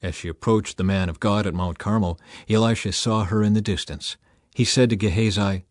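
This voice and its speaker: A man narrating a scripture story in a measured, deliberate reading style. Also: lowish voice, fairly even intonation, no echo, clean studio sound.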